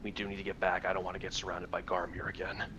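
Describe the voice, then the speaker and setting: A man playing his character in a tabletop game, speaking in an earnest, reassuring, halting way. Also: low voice, monotone, pushed and bright. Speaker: player. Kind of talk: in-character role-play. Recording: muffled, noisy mic.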